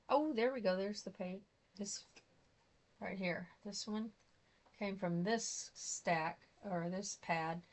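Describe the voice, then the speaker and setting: A middle-aged woman, chatting casually and rambling as she shows her craft supplies. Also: medium pitch. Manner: chatty, rambling, thinks aloud. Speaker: craft vlogger. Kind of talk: casual show-and-tell chat.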